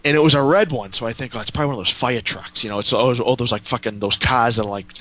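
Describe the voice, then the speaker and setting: A man's voice: mid-range voice, quick pace, fairly bright tone. A man telling a long, rambling road story in casual chat, swearing and laughing as he goes. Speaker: storyteller guest.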